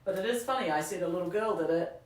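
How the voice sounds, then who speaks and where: A woman co-hosting a live ghost hunt in an old inn, excitable and quick to exclaim at what she finds. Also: on the low side. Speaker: ghost hunting co-host. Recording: echoey room, voice from far off, faint hiss.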